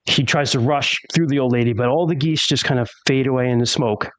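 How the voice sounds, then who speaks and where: A man's voice: medium pitch, brisk, fairly bright tone, dry recording, rough recording. Man narrating as game master, dry sound. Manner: dramatic storytelling with character voices.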